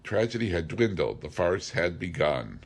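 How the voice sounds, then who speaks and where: A man reading a classic novel aloud as narrator, in a measured, deliberate way. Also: low voice, sing-song. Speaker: audiobook reader.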